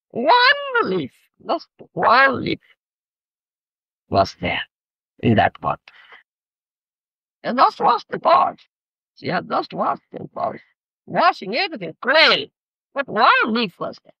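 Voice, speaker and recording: A man's voice: very high voice, vocal fry, breathy edge, no echo. An older man with an Odia accent giving a sermon, often checking that his listeners understand and explaining words. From Odisha, India. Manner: keeps checking "you understand?"; explains terms. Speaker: spiritual teacher. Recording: dull lo-fi archive recording.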